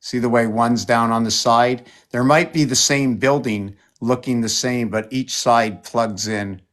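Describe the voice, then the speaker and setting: A man showing his paintings on a live stream, talking in a rambling, playful way and jumping from excited exclamations to muttering. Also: mid-range voice, measured pace. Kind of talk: casual live-stream chat.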